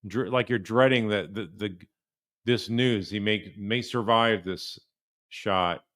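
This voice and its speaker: A man's voice: fairly low pitch, slow pace, a bit bright. A man, an attorney, giving sarcastic commentary on a video with incredulous asides.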